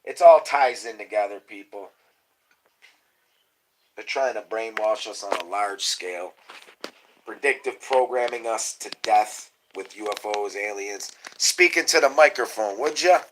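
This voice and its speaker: Low-voiced man hosting a loose livestream, profane and rambling, drifting between loud claims and muttered asides. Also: unhurried, pauses often, noisy background. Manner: rambling, profane, conspiratorial, mumbles off into quiet asides. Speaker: livestream host. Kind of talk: rambling casual livestream talk.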